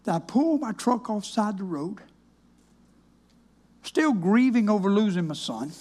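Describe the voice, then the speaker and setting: An older man with a drawl gives a personal testimony in the manner of a sermon. His voice is husky and a little rough. He talks in a folksy, plainspoken way with a dry, wry humor. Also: sits high, expressive, moderate pace, darkish tone. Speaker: minister.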